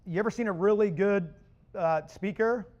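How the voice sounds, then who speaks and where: A man presenting a live business seminar to an audience, loud, punchy and casual with slang. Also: sits high, moderate pace, highs cut off. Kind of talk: energetic live seminar talk. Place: conference room with an audience.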